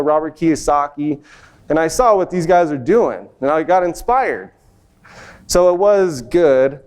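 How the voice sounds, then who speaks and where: A young man speaking to an event audience in a slightly high, smooth and resonant voice. He tells his own story with animated energy and slips into the voices of the people he quotes. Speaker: conference speaker. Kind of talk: personal success story told on stage. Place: event stage before an audience.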